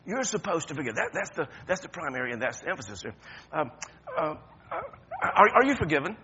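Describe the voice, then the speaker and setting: Male pastor preaching, fairly high and sharp voice, stammers through restarts, faint room noise behind. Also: very animated, a little fast, lo-fi sound. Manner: conversational preaching, with stammered restarts and sudden emphatic rises. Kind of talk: sermon.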